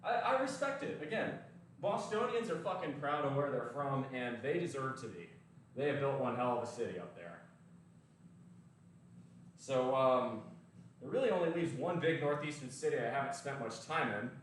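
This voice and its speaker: A man's voice: medium pitch, lively intonation, moderate pace, slight background noise. A man with a mild Southern US accent chatting casually and profanely while training at the gym. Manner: rambling, profane, joking. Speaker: lifting vlogger. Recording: very echoey room, from far off.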